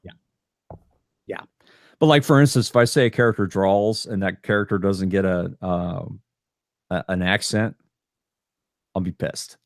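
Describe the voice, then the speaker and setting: A man's voice: low voice, steady tone, measured pace, long pauses, no room sound, studio quality. A man co-hosting a podcast, chatting casually and bluntly, rambling with lots of stumbling restarts. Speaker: podcast co-host.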